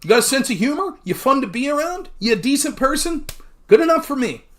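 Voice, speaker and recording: A man hosting a livestream, talking casually in a blunt, profane rant and pausing to thank chat viewers. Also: very high voice, very animated, fairly bright tone. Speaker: livestream host.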